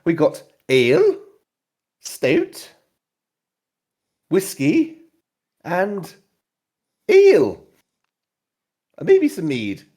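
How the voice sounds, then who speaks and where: High chirpy barmaid serving drinks, a man putting on a woman's voice, sing-song and keen. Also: wildly swooping pitch, drawn-out words, long pauses, dark tone, husky, full character voice. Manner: chirpy, eager to please. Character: working-class female tavern keeper.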